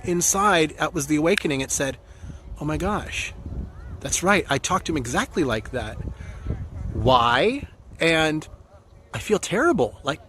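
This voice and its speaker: A man's voice: fairly high pitch, a bit bright, a little hiss or hum. A man speaking as a coach in a casual, earnest and encouraging talk to his viewers, acting out quoted voices as he goes.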